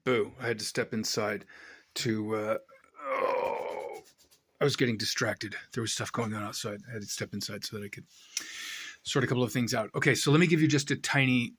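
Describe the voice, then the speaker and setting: A man's voice: mid-range voice, a bit bright, no echo. A man talking casually to his camera at home, rambling and wry, often breaking off mid-sentence. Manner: rambling, self-interrupting, wry. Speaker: vlogger. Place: indoors, at home.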